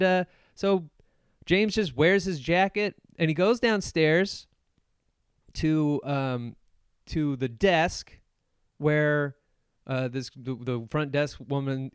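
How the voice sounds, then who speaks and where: A man hosting a podcast alone, casually recapping a film with jokes, laughs and quick put-on voices for the characters. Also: fairly high pitch, clean tone, dry recording, clean studio sound. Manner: joking, acts out movie characters in quick voices; laughs often while retelling. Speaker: podcast host. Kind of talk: solo casual movie recap.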